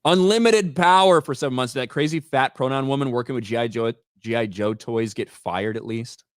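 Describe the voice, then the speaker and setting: A blunt, casual man hosting a podcast, swearing freely as he chats and reads out viewer donations. His voice sits at an ordinary pitch. The recording is dry and close. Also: brisk, no room sound. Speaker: host.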